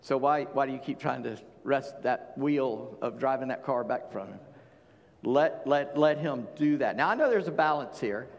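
A man's voice: medium pitch, moderate pace, gravelly, big-room sound, dull audio. A man preaching a sermon in a folksy, conversational way, with plain-spoken asides to his congregation. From Charleston, South Carolina. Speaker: pastor.

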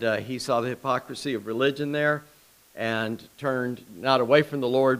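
A man's voice: mid-range voice, fairly bright tone, low-quality recording. Folksy man preaching a casual sermon. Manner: folksy, conversational, with asides and restarts. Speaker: pastor. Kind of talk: informal sermon. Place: small church.

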